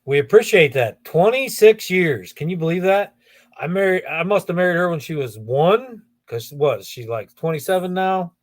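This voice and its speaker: A man's voice: high voice, animated, moderate pace, dry recording, clean studio sound. A middle-aged man from Ohio hosting a casual livestream, reading viewer comments aloud and joking with them by name. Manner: chatty, jokey, greets viewers by name. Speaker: livestream host.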